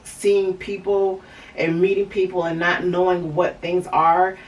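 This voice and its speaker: A woman's voice: fairly low pitch, flat delivery, a little slow, distant mic, poor audio. A woman hosting a podcast, telling a candid personal story in a rambling way, with lots of fillers and restarts. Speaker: podcast host.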